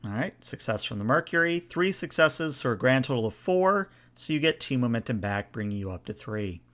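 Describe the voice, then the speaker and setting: A man running a tabletop game on a video call, talking players through rolls and scenes in a relaxed, chatty manner. His voice sits in an ordinary middle range and comes through a typical call mic. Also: medium pitch, brisk. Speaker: game master.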